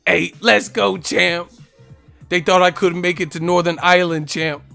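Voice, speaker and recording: A man putting on the voice of a brash, hyped-up boxer who keeps shouting a catchphrase. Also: sits high, fairly even intonation, normal speed, vocal fry, faint music behind, voice pushed up, exaggerated voice. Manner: loud, brash, repeats a catchphrase. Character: boastful hyped-up male boxer, scrappy.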